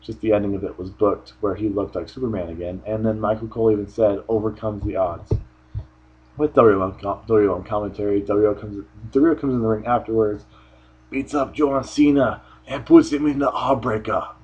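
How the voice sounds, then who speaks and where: A man's voice: on the low side, fairly quick, darkish tone, husky, muffled recording. A man giving a casual solo review of a wrestling show, rambling offhand with frequent restarts.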